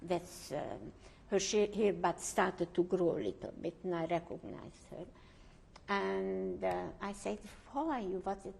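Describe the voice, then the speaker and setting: Older woman, English, slow deliberate testimony, halting, hunts for words. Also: on the low side, steady tone, gravelly, darkish tone, breathy edge. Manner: slow, searching for words, pauses and restarts. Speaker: Holocaust survivor interviewee. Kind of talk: oral history testimony.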